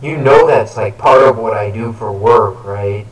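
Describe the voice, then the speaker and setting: Teasing and sarcastic, with plenty of crude swearing, a man co-hosts a game and chats casually as he plays. He speaks unhurriedly in a fairly low voice, picked up by a distant mic in an echoey room with faint noise.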